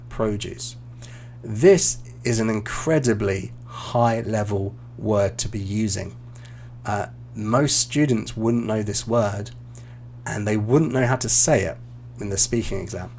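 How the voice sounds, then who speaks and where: A British man talks through an English exam essay at an unhurried pace, his voice gravelly with fry. He explains patiently and repeats words for his learners. A faint hum sits behind him. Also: on the low side, a little mellow. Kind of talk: online teaching walkthrough.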